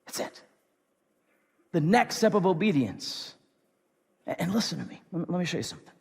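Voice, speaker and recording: Male pastor, somewhat high voice, earnest repetitive sermon, long hall reverb. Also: sing-song, fairly quick, creaky, slightly rough. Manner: earnest, repetitive, swings between loud and soft.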